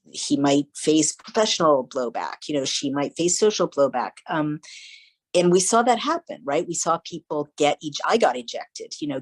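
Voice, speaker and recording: Low-voiced woman telling stories animatedly. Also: low-quality recording. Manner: animated storytelling, acting out quoted voices. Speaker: podcast guest. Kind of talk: casual interview conversation.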